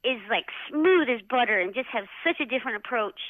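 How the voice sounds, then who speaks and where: Brief: middle-aged woman, high bright pitch, chatty animated storyteller, dry dull lo-fi audio. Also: brisk, dry recording. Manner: animated, acts out others' lines with many "like" fillers. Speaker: interview guest, former jockey. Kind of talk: casual storytelling interview.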